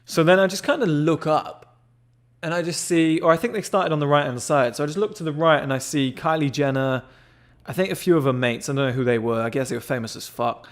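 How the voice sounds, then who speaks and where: A man's voice: a little high, brisk. Young guy rambling through a wild night out story, swears a lot, lots of likes. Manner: excitable, swears a lot, rambling with many fillers. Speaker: members club founder telling a story. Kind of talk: casual storytelling.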